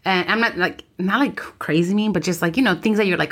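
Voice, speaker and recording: A woman's voice: fairly low pitch, fast, a bit bright, slightly rough. A woman, co-hosting a podcast, talking candidly and animatedly while switching between English and Spanish. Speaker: podcast co-host. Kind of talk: casual chat.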